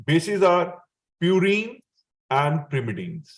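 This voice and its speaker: A man's voice: on the high side, sing-song, slow. A man with an Indian English accent teaching a chemistry lesson, explaining step by step and often checking in with his student. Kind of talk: explanatory classroom lecture.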